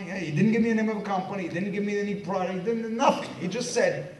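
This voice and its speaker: A man in his thirties from Quebec giving a lively motivational seminar talk, joking and poking fun at himself as he tells his story. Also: high-pitched, fast, a little hiss or hum. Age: 30s. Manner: energetic, joking, self-mocking storyteller. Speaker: business seminar speaker. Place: seminar hall with a live audience. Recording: echoey hall, distant mic, audience.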